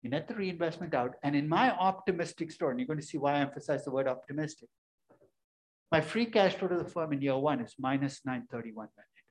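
A man giving a classroom lecture, emphatic and conversational, often asking questions and answering them himself. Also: on the high side. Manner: emphatic, asks and answers his own questions. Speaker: finance lecturer.

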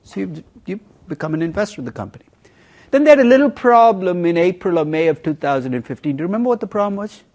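A man teaching a university finance class, emphatic and lively, teasing students with questions. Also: fairly high pitch. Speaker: finance professor. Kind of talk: university lecture.

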